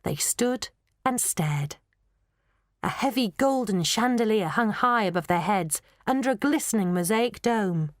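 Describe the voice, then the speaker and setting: A woman narrating a children's audiobook in an expressive storytelling manner, close to a studio mic. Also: mid-range voice, unhurried, dry recording. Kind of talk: scripted narration.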